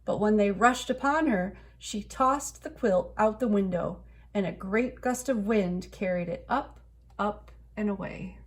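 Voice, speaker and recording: A woman reading a children's picture book aloud in an expressive storytelling way. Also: medium pitch, a little slow. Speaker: storybook reader.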